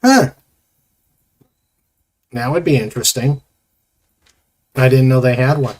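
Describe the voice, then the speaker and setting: A man hosts a casual livestream, talking slowly and hesitantly in a middle-pitched voice. He rambles with frequent fillers between thoughts and reads viewer comments aloud. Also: darkish tone. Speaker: host.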